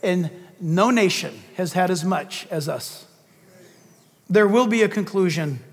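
A fervent male preacher with a very high voice delivers an emphatic political sermon. He presses on with rhetorical questions and repeated phrases, and his words ring out with a long reverb in a large hall. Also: a little slow.

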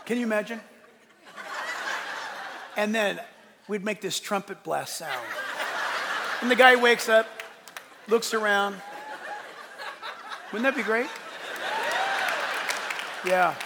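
A male pastor preaching an animated, joking sermon to his congregation. His voice is high and gravelly. The sound carries a long hall reverb. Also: takes it slowly, pauses often, a loud crowd, very noisy. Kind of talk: sermon with humor. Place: church hall with live congregation.

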